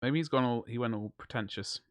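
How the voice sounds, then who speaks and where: A man's voice: mid-range voice, a little fast, no echo, studio quality. A man streaming live while he paints, rambling and joking in casual banter with his chat. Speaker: livestreamer.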